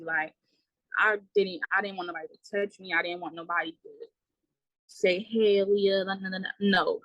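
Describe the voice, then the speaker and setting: A young woman telling a painful personal story in a halting way, with many fillers and trailing words. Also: fairly low pitch, pushed and bright, no room sound, low-quality recording. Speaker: guest. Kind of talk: emotional personal account.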